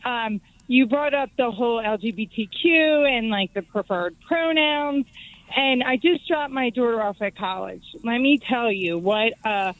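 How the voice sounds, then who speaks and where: A woman's voice: on the high side, a little slow, no room sound, low-quality recording. A female caller to a radio show, playful and chatty. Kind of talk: call-in talk radio.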